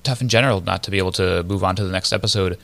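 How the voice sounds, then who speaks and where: A man's voice: low voice, racing, gravelly, fairly bright tone. A man co-hosting a casual podcast, joking and playful. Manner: jokey, playful. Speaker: podcast co-host.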